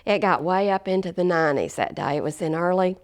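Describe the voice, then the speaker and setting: A woman's voice: on the low side, fast. An older woman, a former teacher telling anecdotes in an oral history interview, chatty and laughing often. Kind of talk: anecdotal storytelling.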